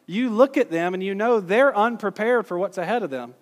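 A man's voice: high-pitched, brisk, muffled recording. A man preaching a teaching sermon in an earnest way, acting out quoted voices in his illustration. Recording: long hall reverb.

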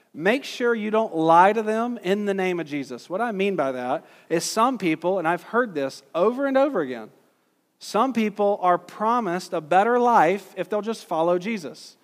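A man preaching a teaching sermon in an earnest way, acting out quoted voices in his illustration. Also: high voice. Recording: long hall reverb.

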